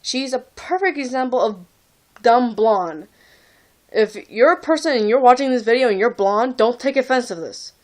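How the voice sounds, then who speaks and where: A woman's voice: a little high, expressive, moderate pace. A young woman from Texas telling a rambling, exasperated story to camera, recorded on a phone. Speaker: vlogger.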